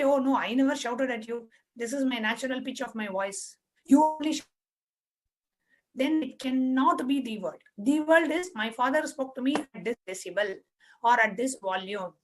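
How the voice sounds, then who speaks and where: Woman facilitator with a high voice; patient, repetitive, step-by-step guidance for an online workshop. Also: rough recording. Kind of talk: guiding an online spiritual workshop.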